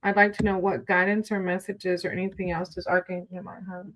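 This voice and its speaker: A woman's voice: fairly low pitch, level tone, a little fast, noisy background. A woman hosting a casual livestream, chatting with viewers between tarot readings, giggling often and calling people sweetie.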